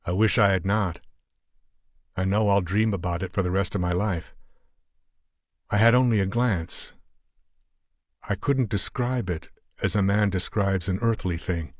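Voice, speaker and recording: A man's voice: low voice, no room sound. Man reading as a grim, somber American adventurer. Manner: halting, somber speech.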